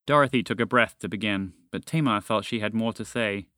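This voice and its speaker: A man narrating a children's story in a gentle storybook manner, lifting his voice for the characters. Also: fairly quick, dry recording, clean studio sound. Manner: gentle storybook reading, raising his pitch for characters' lines.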